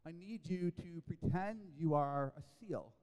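A man recounting the words of a mustached male skydiving instructor who calmly gives jump instructions. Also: fairly high pitch, unhurried, long reverb tail, voice pushed down, natural voice. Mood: instructing. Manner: matter-of-fact, instructing.

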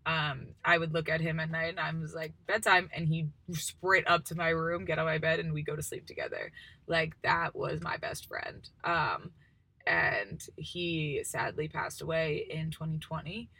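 A woman in her twenties talks through a loose, casual solo chat, full of fillers. Her voice is bright and gravelly, sitting on the low side, and the sound is dry and close with no room around it. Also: fairly even intonation, normal speed, no room sound. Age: 20s. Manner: chatty, rambling, lots of "like" and "um". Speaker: podcast host.

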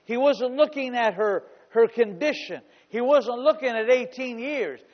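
A pastor preaching a sermon, telling humorous stories and building up to shouts. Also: male voice, very high voice, unhurried, long reverb tail, dull audio. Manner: storytelling with humor, rising to shouts.

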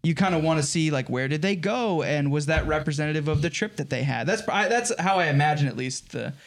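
A man's voice: a little high, expressive, a little fast. A man co-hosting a podcast in casual chat, thoughtful and rambling, laughing often. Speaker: podcast co-host.

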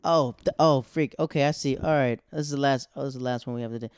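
A young man hosting a podcast, telling funny stories casually and acting out quotes in loud raised voices. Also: mid-range voice, steady tone, fast, smooth, no echo, studio quality. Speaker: podcast host. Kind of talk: casual comedic storytelling.

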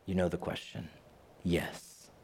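A male preacher voicing Death as a calm, eerie, ancient male figure in a low, hushed voice. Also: slow pace, creaky, breathy edge, full character voice. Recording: echoey hall reverb.

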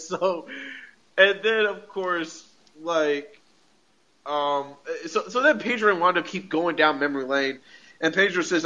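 A man co-hosting a podcast, casually recapping a TV episode in a rambling way, full of "like" and quick laughs. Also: on the high side, bright, forceful tone. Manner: rambling, heavy on filler "like", laughs often. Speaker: podcast co-host. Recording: dull lo-fi audio.

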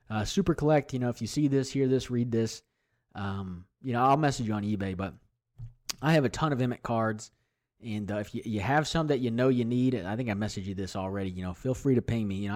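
Man, podcast host, casual solo talk, mid-range pitch, rambling, friendly. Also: darkish tone. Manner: chatty, rambling, full of fillers and restarts.

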